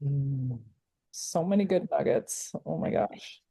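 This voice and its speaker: A woman host with a strikingly low voice for a woman. She talks softly and reflectively, agreeing warmly with her guest. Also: slow, creaky, husky. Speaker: podcast host. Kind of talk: podcast conversation.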